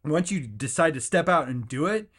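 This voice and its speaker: A man's voice: on the high side, moderate pace, breathy edge. A man hosting his own podcast, delivering a rambling motivational rant full of fillers and restarts, breaking into voices to act out what people say. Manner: energetic, rambling, acts out quotes in jumpy voices; filler-heavy, with frequent restarts. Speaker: podcast host.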